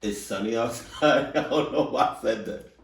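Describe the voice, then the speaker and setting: A man hosting a reaction video in casual commentary, animated and repeating rhetorical questions. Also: medium pitch, moderate pace, creaky, far from the mic. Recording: roomy sound from off mic.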